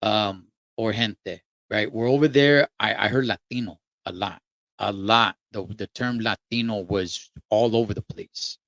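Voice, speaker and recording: A man's voice: lowish voice, normal speed, a bit bright, no echo. Laid-back trucker man. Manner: laid-back and slangy, with lots of fillers. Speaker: trucker vlogger. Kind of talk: casual monologue.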